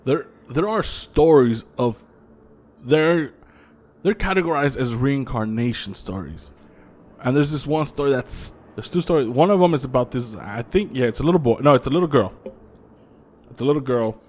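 A man co-hosting a podcast, telling ghost stories in a loose, swearing, animated way and acting out the voices of the people in them. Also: medium pitch, normal speed. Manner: profane, animated storyteller who acts out quotes. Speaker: podcast co-host. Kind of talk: casual chat, storytelling.

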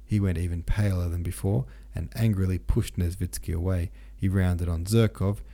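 Gravelly male narrator. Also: deep voice, fairly even intonation, normal speed, dark tone. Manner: irreverent, slangy retelling. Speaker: podcast host and narrator. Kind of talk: casual audiobook narration.

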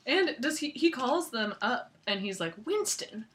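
A woman co-hosting a podcast, chatting about a movie in an animated way and laughing often. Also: a little high, moderate pace. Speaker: podcast co-host. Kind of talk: casual chat about a movie.

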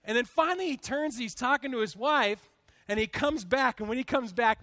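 A man preaching a sermon as a pastor, telling an animated, self-deprecating story with frequent restarts. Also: very high voice, normal speed, no room sound. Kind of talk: sermon with a humorous personal story.

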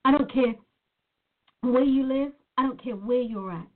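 A woman with a fairly high voice gives an earnest motivational talk as a life coach. She leans on emphatic repeats. The sound is thin and tinny, like a phone line. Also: measured pace.

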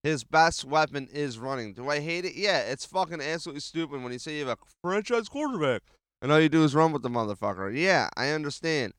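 A man hosting a casual sports podcast, swearing often and rambling excitedly with restarts, speaking into a handheld mic. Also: fairly high pitch, fast talker, no room sound, clean studio sound. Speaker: podcast host.

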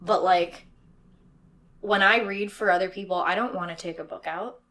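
Giggly excitable young-sounding woman. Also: fairly low pitch. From New York, USA. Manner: giggly, excitable, quick reactions. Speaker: podcast co-host. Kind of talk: casual podcast chat.

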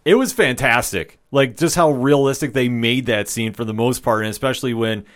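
A man's voice: mid-range voice, normal speed. A man hosting a casual film discussion podcast, steering the talk and putting questions to his co-hosts.

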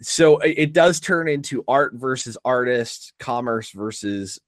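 A man co-hosting a casual wrestling podcast, talking with wry, lively banter and some swearing. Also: medium pitch, a little slow, no room sound, studio quality. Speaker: podcast co-host.

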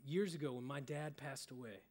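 A young adult male pastor preaching a sermon, telling stories and dropping to a soft, hushed voice for emphasis. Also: medium pitch, moderate pace. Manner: storytelling, with sudden drops to soft, hushed emphasis.

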